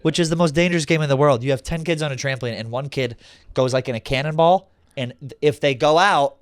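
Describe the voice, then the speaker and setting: A man's voice: fairly high pitch, quick pace. A man hosting a podcast in casual chat, telling stories with lots of laughter and animation. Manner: animated storyteller, laughs often. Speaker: podcast host.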